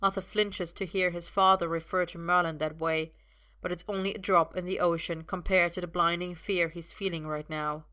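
A woman narrating a dramatic story in a steady, measured reading voice. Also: fairly low pitch. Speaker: audiobook narrator. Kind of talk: dramatic fan-fiction reading.

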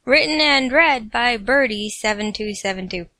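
A woman's voice: a little high, expressive, moderate pace, bright, forceful tone. A woman reading her own fan fiction and joking through her bloopers, giggly and self-mocking, with frequent swearing. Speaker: fan fiction author and reader. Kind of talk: casual blooper reel of a story reading.

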